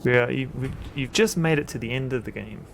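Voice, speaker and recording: A man streaming a game, chatting in a relaxed way between reading its text aloud. His voice sits at an ordinary pitch with a gravelly grain, and faint noise hangs behind it. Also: a little fast. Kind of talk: casual gameplay commentary.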